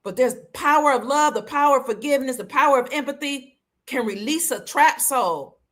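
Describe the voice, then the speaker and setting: A woman's voice: high voice, moderate pace, a bit bright. A woman in her forties telling a personal story with an emotional, preacher-like cadence and repetition. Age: 40s. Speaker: host.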